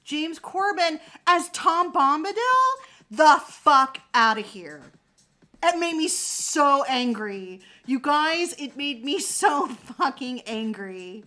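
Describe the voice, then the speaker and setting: Bright, high, lively woman chatting unhurriedly. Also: slow, few pauses. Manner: animated, swears freely, talks straight to chat. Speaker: streamer chatting with viewers. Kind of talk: casual live-stream chat.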